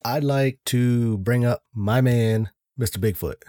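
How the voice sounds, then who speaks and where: Laid-back mellow-voiced podcast guy. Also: medium pitch, unhurried, dry recording, clean studio sound. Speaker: podcast co-host. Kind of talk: casual podcast chat.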